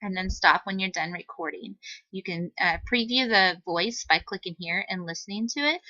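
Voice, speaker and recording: Patient woman teacher walking through software. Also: fairly low pitch, dry recording, dull audio. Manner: patient, step-by-step instructions with "um" fillers. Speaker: teacher giving a tutorial. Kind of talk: screen-recorded software tutorial. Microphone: computer microphone.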